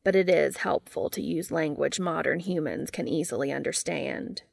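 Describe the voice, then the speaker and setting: A woman voicing an eager, flirty male skeleton who speaks in corny pickup lines with a deep, dudeish voice. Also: normal speed, creaky, darkish tone, no echo, full character voice. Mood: explaining.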